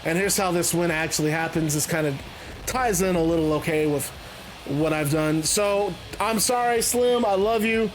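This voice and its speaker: A man's voice: on the high side, moderate pace, a little hiss or hum. A man hosting, narrating a wrestling match casually with rambling, stop-start phrasing. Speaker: host.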